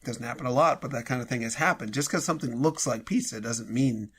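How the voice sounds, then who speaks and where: A man's voice: medium pitch, quick pace, fairly bright tone, husky. Guy on a comedy podcast going on and on, mock serious, lots of uhs. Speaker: podcast co-host. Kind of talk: comedic banter.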